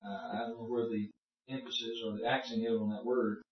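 A man's voice: medium pitch, flat delivery, brisk. A man teaching an informal Bible study class, explaining in a folksy way and asking the class questions. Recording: echoey room, distant muffled mic.

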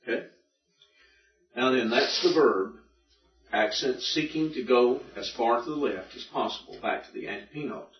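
A man's voice: mid-range voice, normal speed, recorded from a distance, a little hiss or hum. A male teacher explaining accent rules to a class step by step, in a patient classroom manner. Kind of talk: classroom Greek lesson. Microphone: far from the mic. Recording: dull, echoey classroom recording from afar.

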